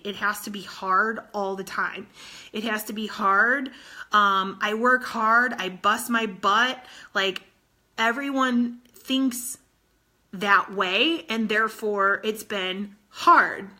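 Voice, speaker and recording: A woman's voice: medium pitch, sharp tone. A woman in her thirties, a fitness coach, talking earnestly to her team while close to tears, often repeating herself. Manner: earnest, tearful, repeats phrases. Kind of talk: emotional motivational talk to her team.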